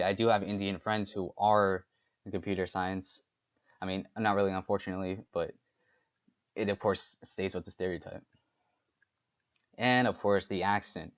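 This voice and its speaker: A young man hosting a solo talk, speaking haltingly with frequent restarts and fillers. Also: lowish voice, lo-fi sound. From United States. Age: young adult. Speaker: podcast host. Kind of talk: unscripted solo talk on stereotypes.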